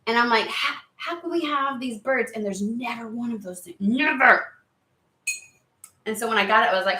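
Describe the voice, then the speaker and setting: A woman chatting excitedly and rambling on tangents during a spiritual card reading video. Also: fairly high pitch, brisk. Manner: excitable, rambling, lots of exclamations. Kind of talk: casual chatty reading vlog. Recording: roomy echo.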